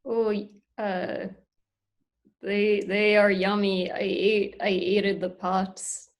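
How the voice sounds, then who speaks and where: Woman doing a timid male alligator puppet, halting, trying it out. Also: mid-range voice, level tone, close to an everyday voice. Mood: tentative. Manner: halting, unsure.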